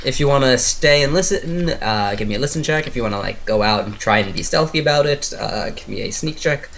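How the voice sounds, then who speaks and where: A man's voice: medium pitch, expressive, a little fast, creaky, a bit bright, a little hiss or hum. A man narrating as game master of a tabletop horror game, casual and rambling with many fillers.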